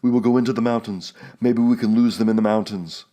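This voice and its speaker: A man voicing a hunted young fisherman who swings between despair and grim resolve, speaking low and weary. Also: fairly even intonation, quick pace, dark tone, lightly acted.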